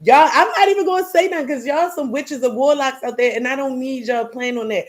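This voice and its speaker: A woman's voice: high voice, a little fast. A grieving mother talking straight to camera in a heated, blunt, profane rant, often repeating herself.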